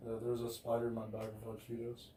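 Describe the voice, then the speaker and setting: A man's voice: medium pitch, completely flat delivery, quick pace, a crowd in the background. A young man co-hosting a podcast, telling laid-back, slangy stories among friends. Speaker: podcast co-host. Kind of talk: casual chat among friends. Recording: roomy, distant mic with faint hiss.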